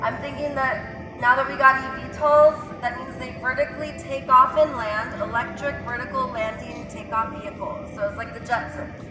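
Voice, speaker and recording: A woman's voice: high voice, fairly even intonation, normal speed, echoey room, music in the background. A woman giving a playful motivational monologue, exuberant and often breaking into sing-song chanting. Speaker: self-styled healer and vlogger.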